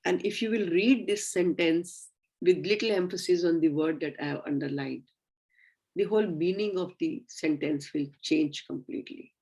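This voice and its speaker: A middle-aged woman teaches a class of medical students in a recorded lecture. She sounds earnest and instructive and often pauses on small fillers. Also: lowish voice, darkish tone, breathy edge, poor audio.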